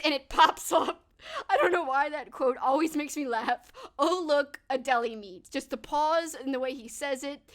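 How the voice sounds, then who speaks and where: A young adult woman chatting casually to her live stream viewers, animated and quick to laugh, sometimes slipping into silly movie-quote voices. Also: high-pitched.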